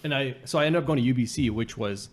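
A man's voice: mid-range voice, fast talker. A young man in casual conversation, laid-back and peppering his talk with "like" and "right?". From Canada. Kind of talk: casual chat.

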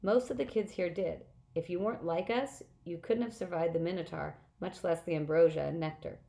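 A woman's voice: lowish voice, a little fast, vocal fry, mellow. Woman doing Annabeth, a clever earnest teen girl.

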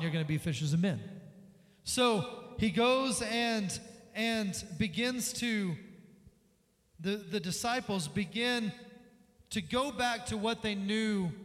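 Guy preaching a sermon, pretty high voice, lively storytelling, big echoey church hall. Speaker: pastor. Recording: long reverb of a large hall.

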